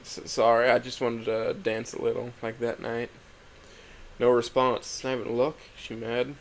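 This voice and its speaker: A young man reading a first-person story aloud in a quiet, introspective, halting way. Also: medium pitch, little pitch movement, low-quality recording. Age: young adult. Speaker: narrator.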